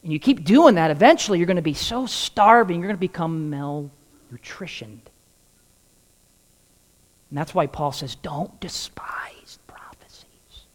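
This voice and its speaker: A man's voice: fairly high pitch, expressive, normal speed, long pauses, big-room sound. A man preaching a sermon, telling a humorous personal story and acting out the dialogue before drawing the lesson. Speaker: pastor.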